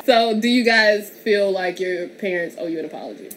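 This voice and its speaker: A woman's voice: mid-range voice, normal speed, a little hiss or hum. A woman hosting a casual podcast chat, talking candidly, swearing and laughing often. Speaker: podcast host.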